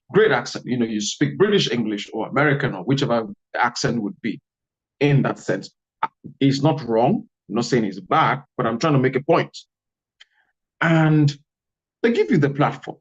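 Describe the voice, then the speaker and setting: Male communication coach, fairly high voice, emphatic and repetitive delivery, dull lo-fi audio. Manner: emphatic, repeats key phrases, varies pace a lot. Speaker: communication instructor. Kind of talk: online class lecture.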